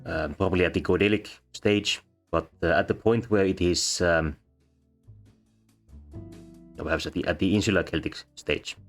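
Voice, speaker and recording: A man explaining sound changes as a lecturer, pausing often with ums and uhs. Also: low-pitched. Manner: halting, many ums and uhs. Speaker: linguistics lecturer. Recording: faint background music.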